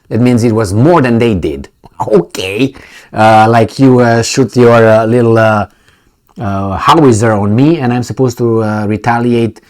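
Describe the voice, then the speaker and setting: A man from Romania, reading news reports aloud and breaking in with sarcastic, mocking asides. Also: medium pitch. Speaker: political commentator.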